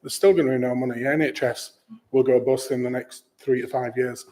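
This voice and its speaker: A man's voice: mid-range voice, steady tone, brisk, mellow, rough recording. A man, a charity chief executive, giving a matter-of-fact conference talk. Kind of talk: conference presentation.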